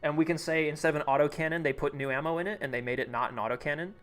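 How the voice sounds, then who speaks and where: A man's voice: fairly high pitch, fairly even intonation, racing, a bit bright, faint music behind. A young man streaming live, thinking aloud, reading chat and restarting sentences as he goes.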